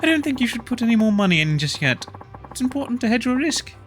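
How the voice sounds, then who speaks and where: A woman's voice: a little high, big pitch swings, fast talker, soft background music, pitched above the performer's own voice. A woman voicing a snobbish wealthy male investment tycoon in a haughty, pompous manner. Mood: smug.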